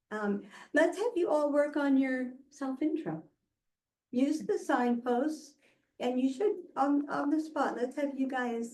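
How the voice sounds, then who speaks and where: A woman instructor leads a presentation class in a fairly high voice, demonstrating and checking in with the group. She sounds a bit away from the mic, in a roomy room. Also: recorded from a distance. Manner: animated, demonstrative, checks in with "right?". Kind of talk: classroom coaching.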